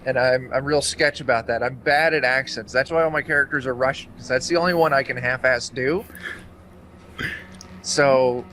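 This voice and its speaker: A man's voice: mid-range voice, moderate pace, sharp tone, slight background noise. A man from Kansas introducing himself as a tabletop player, joking and self-deprecating. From Kansas, United States. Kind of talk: casual chat.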